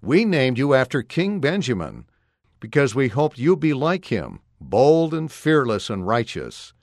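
A man reading as a calm, steady father. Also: mid-range voice, a little slow, no room sound, clean studio sound. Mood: gentle.

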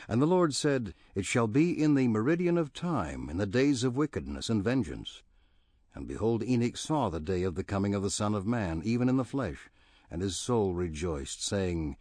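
Man, scripture reading, reverent measured delivery, low pitch, dry close recording. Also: very animated, a little mellow, no room sound. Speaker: scripture reader.

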